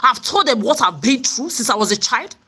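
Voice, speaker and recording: A woman's voice: fairly high pitch, big pitch swings, fairly quick, bright, forceful tone, slightly rough. A woman vlogger telling her story in an angry, profane rant, often repeating and stumbling over words. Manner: profane, repetitive stammering.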